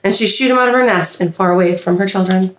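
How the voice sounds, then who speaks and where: A woman reading a children's storybook aloud with expressive delivery and small slips. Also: mid-range voice, fast talker, echoey room, slight background noise. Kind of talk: reading a picture book aloud. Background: a child nearby.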